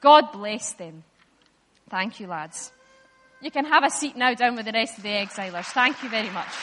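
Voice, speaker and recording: A woman giving a lively, playful Bible talk in church, speaking directly to the children. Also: on the high side, moderate pace, background noise. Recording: echoey hall.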